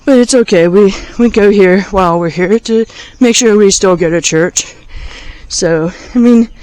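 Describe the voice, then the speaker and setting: A man's voice: high-pitched, unhurried, a little mellow, no room sound, poor audio. A man chatting casually to his viewers while walking around a small riverside town with a handheld camera, easily amazed by what he sees. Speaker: vlogger.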